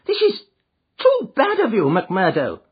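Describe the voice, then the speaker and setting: A man doing a fussy, fretful gentleman. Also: huge pitch swings, a little slow, slightly rough, heavily acted. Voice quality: high, fluttering, fretful. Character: fussy nervous middle-aged gentleman, Thaddeus Sholto. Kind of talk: audiobook character voice. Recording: muffled lo-fi audio.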